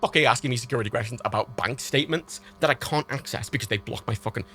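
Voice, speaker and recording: Soft music plays under a fast, medium-pitched British man who rants on a livestream, animated and exasperated, with a constant stream of swearing.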